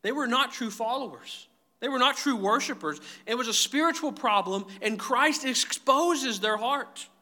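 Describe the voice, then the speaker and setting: A man's voice: very high-pitched, lively intonation, normal speed, bright, forceful tone. A man preaching a sermon, emphatic and direct, often calling his listeners "guys". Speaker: pastor.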